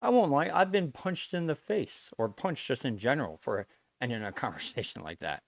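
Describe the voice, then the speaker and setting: A man's voice: mid-range voice, expressive, normal speed, creaky, no echo. A man streaming live, talking bluntly to his viewers in a lecturing way, swearing and repeating himself as he makes his point. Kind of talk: casual stream chat to viewers.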